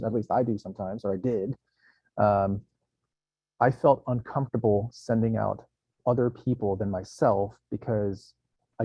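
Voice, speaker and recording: Man with a dark muffled voice. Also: mid-range voice, breathy edge, no echo. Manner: searching, restarts often. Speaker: panel moderator and company co-founder. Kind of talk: casual panel discussion.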